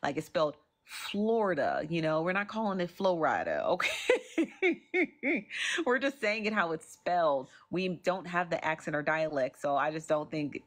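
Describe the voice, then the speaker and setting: A woman's voice: fairly low pitch, expressive, normal speed, a bit bright. A woman hosting a live stream, chatting casually to viewers as she reacts to clips, laughing now and then. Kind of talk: casual commentary.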